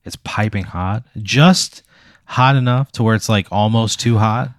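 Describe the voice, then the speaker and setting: A man's voice: on the low side, measured pace, no room sound, clean studio sound. A man running a tabletop game as game master, narrating scenes in a casual, profane, vivid storytelling way.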